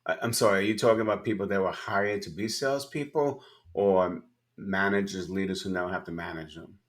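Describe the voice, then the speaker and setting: A middle-aged man with a fairly low voice gives advice as an interview guest. He talks emphatically and slips into acted-out dialogue when he tells a story. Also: fairly quick. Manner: emphatic, acts out dialogue in anecdotes. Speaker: podcast guest, sales and leadership speaker.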